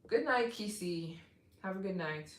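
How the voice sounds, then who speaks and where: A woman's voice: on the low side, animated, unhurried, roomy sound. A woman live streaming, chatting casually with viewers and thanking them for donations, tired and yawning.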